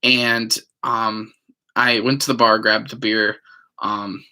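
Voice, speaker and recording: A man with a bright, forceful voice tells a personal story to the camera in loose, casual talk. He rambles along with plenty of ums and likes, and slips into acting out what other people said. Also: fairly low pitch, level tone, takes it slowly. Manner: rambling, many fillers, acts out quotes. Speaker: vlogger.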